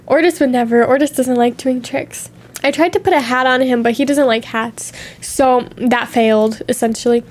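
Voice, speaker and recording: A young woman chats casually on her stream with a high, light voice. She rambles candidly from one tangent to the next and sounds a little sniffly from allergies. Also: moderate pace. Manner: chatty, candid, drifting between tangents. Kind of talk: casual chat.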